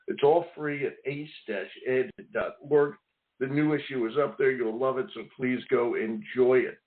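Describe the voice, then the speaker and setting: A man with a Philadelphia accent hosting a radio talk show, rambling and repeating himself, peppering his talk with "all right" and "okay". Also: mid-range voice. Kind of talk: casual radio interview. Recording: phone-like narrow sound.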